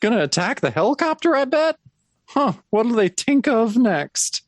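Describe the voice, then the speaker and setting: A man voicing a bleary comic-book drunk in a slow, slurring drawl. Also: extremely high pitch, sing-song, no echo, voice pushed up. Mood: amazed.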